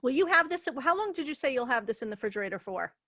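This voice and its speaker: A woman's voice: high voice, big pitch swings, very fast, sharp tone, no room sound, clean studio sound. A woman from Brooklyn, hosting a casual interview in a chatty, playful way. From Brooklyn, New York. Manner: chatty, playful, apologetic asides. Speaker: host.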